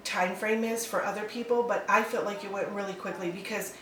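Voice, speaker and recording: Speaking in a casual interview, an adoptive mother in her fifties tells her story in a medium-pitched, steady, fairly quick and slightly bright voice. She rambles and hesitates, filling gaps with ums and likes and laughing often. She's off-mic and distant, so there's a roomy echo, faint ambience and slight background noise.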